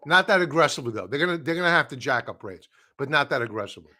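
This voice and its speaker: A man's voice: a little high, lively intonation, rapid-fire, hardly any pauses, sharp tone. Blunt man hosting a live trading stream. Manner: blunt, scoffing, repeats points for emphasis. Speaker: livestream stock trading host. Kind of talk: casual live market commentary.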